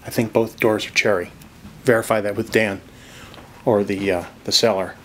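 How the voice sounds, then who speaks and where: A man's voice: fairly low pitch, fairly even intonation, moderate pace, a little hiss or hum. Chatty man touring a rustic cabin. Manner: chatty, enthusiastic, drops into soft whispers indoors. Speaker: real estate vlogger touring a property. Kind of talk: casual walking property tour. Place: outdoors by a creek and inside a log cabin.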